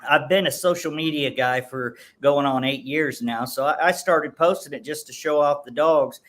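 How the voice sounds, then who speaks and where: A man tells a long, rambling story in a casual podcast chat. His voice sits a little high for a man. He often restarts his sentences. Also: moderate pace, a bit bright, rough recording. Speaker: guest dog trainer and breeder.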